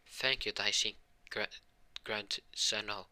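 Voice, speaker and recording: An easygoing male fighter, cheerful and curious, bright and forceful in tone, as a young man puts him on. The voice sits fairly low for a man, in a storytelling video. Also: steady tone, slow pace, heavily acted.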